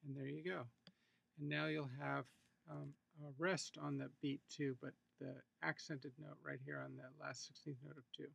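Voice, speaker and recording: Gravelly-voiced man teaching a music lesson. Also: fairly high pitch, moderate pace, lo-fi sound. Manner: relaxed, explanatory, thinking aloud with fillers. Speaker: music instructor. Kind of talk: screencast tutorial walkthrough.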